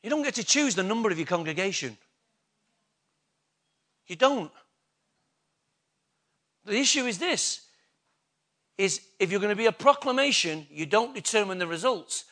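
A man's voice: sits high, expressive, moderate pace, long pauses, fairly bright tone. A man preaching a sermon, emphatic and full of rhetorical questions to the congregation.

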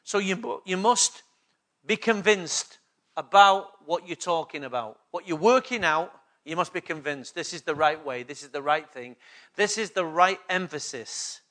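Bright, high-voiced preaching man. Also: lively intonation, measured pace. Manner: emphatic preaching with repeated call-and-response questions. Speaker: pastor. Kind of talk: sermon.

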